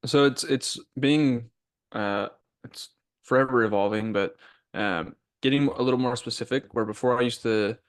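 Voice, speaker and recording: A man co-hosting a podcast, explaining his chiropractic consultations casually with many pauses and restarts. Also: medium pitch, no room sound, studio quality. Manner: hesitant, restarts often.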